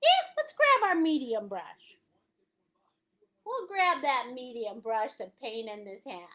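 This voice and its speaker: Silly, high-voiced woman art instructor; lively and unhurried, laughs a lot. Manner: playful, silly, laughs often. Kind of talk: live painting class instruction.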